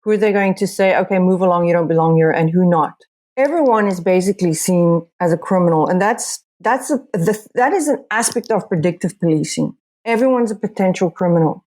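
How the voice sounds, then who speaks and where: A woman's voice: mid-range voice, animated, fairly quick, darkish tone. A woman journalist from Africa, answering earnestly with many restarts. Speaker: journalist guest. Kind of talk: podcast interview.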